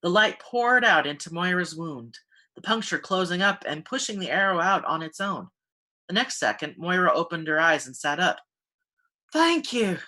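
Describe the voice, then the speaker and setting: Woman narrator for fantasy fiction, low-set voice, bright and forceful, expressive. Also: moderate pace. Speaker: fiction reader. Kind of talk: audiobook fantasy reading.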